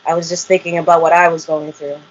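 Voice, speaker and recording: A woman's voice: low-pitched, level tone, fast. A woman, a reality show cast member, telling her story in an interview, acting out quotes and laughing often. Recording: muffled lo-fi audio.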